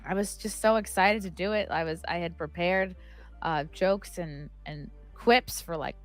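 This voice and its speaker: A woman's voice: fairly low pitch, a little slow, faint music behind. A woman co-hosting a podcast, telling a story in a rambling, self-correcting way. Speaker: podcast co-host. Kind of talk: casual chat.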